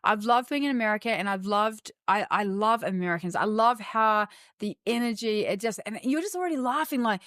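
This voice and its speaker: A woman's voice: mid-range voice, brisk, hardly any pauses, a bit bright, no room sound, studio quality. A woman with an Australian accent co-hosting a podcast, talking eagerly and enthusiastically. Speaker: podcast co-host. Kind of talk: casual podcast chat.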